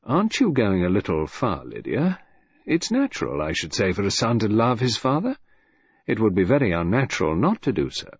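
Man reading grave gentle husband, low husky voice, mild, dry muffled recording. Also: huge pitch swings, normal speed, no echo, heavily acted. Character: grave, gentle, dutiful middle-aged son.

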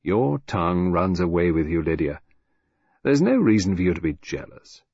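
Man reading grave gentle husband, low husky voice, mild, dry muffled recording. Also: sing-song, normal speed, no echo, full character voice. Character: grave, gentle, dutiful middle-aged son.

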